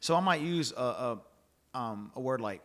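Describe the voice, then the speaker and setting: A middle-aged man hosting a relaxed faith-based podcast chat at a medium pitch. He rambles, restarts his sentences and acts out the lines he quotes. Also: moderate pace. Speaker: podcast host.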